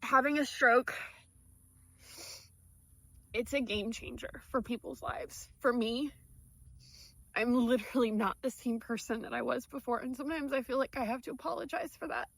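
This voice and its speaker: A woman's voice: a little high, moderate pace, vocal fry, pauses often, fairly bright tone. A woman in a personal vlog, talking straight to her followers in a heartfelt, earnest way. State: tearful. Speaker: vlogger.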